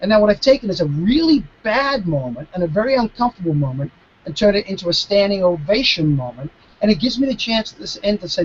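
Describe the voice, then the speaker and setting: A man, a mentalist guest, chatting casually over a video call, animated and stopping to restart his sentences. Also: high-pitched, fast talker, dull audio, slight background noise. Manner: animated, acting out dialogue, frequent restarts. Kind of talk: casual storytelling Q&A.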